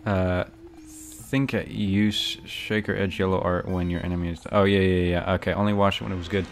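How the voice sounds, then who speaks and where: Game streamer, man, low voice, rambling banter, faint music behind. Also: level tone, moderate pace. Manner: rambling, many fillers and restarts, banter with chat. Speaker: streamer playing a video game. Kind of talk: casual chat while gaming.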